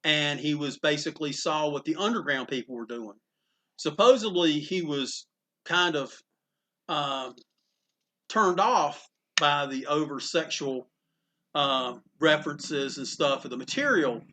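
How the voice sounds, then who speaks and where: Bright-voiced man telling rambling stories. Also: on the high side, measured pace. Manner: rambling, with frequent restarts and casual swearing. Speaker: comic book store owner. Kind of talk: anecdotal storytelling in a conversation.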